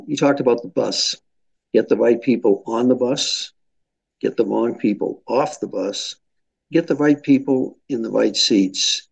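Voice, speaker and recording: An older man from Boston with a Boston accent, answering interview questions in a measured way with frequent hesitations. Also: fairly low pitch, darkish tone, poor audio. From Boston, USA. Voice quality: gravelly, husky. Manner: measured, hesitant with many fillers. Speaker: interview guest.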